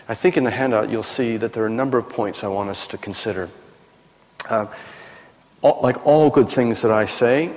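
A man's voice: lowish voice, darkish tone. A man, a pastor, teaching a session in a conversational style with frequent fillers and self-corrections. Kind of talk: teaching sermon. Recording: long hall reverb.

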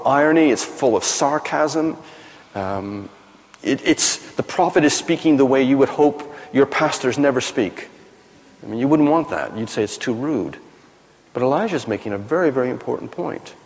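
A man's voice: mid-range voice, lively intonation, normal speed. A man, a pastor, teaching a session in a conversational style with frequent fillers and self-corrections. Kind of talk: teaching sermon. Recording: long hall reverb.

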